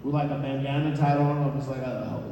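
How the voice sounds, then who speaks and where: A man in his forties, a guest on a convention panel, telling animated stories, stumbling over and repeating words, heard from afar in a large hall. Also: mid-range voice, fairly quick. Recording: echoey hall, distant mic, background noise.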